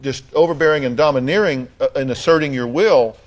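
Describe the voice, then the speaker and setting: A man's voice: mid-range voice, fairly quick, muffled recording. A man hosting a talk show, bluntly questioning a guest with dry humor.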